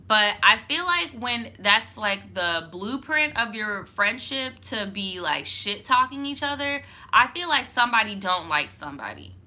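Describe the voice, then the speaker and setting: A woman's voice: mid-range voice, pushed and bright. A young woman reading a viewer's story aloud, breaking off for frank, profane, sassy commentary full of "like". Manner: frank, profane, sassy asides, heavy use of "like". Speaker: storytime channel host.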